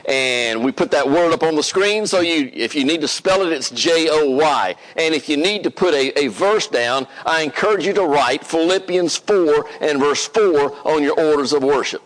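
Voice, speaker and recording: A man's voice: a little high, normal speed, hardly any pauses, low-quality recording. A man preaching a sermon to a congregation, leading them in song and reading scripture aloud. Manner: animated, leads the congregation in song.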